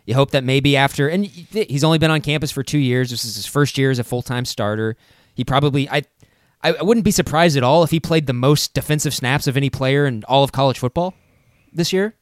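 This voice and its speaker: A man co-hosting a casual sports podcast, earnest and full of halting restarts. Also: medium pitch, dry recording, clean studio sound. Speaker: podcast co-host.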